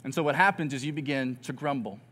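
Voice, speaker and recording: A man preaching a sermon as a pastor, talking conversationally and acting out the complaints of grumbling people in an earnest, expressive way. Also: medium pitch, fast.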